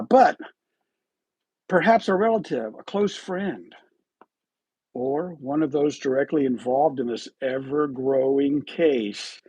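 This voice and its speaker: A man hosting a live solo commentary show, his husky voice sitting fairly high and swinging widely in pitch. He argues in a rhetorical, accusatory way and keeps asking his listeners "right?". The sound is close and dry. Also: a little mellow, dry recording. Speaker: host of a live online true-crime commentary show.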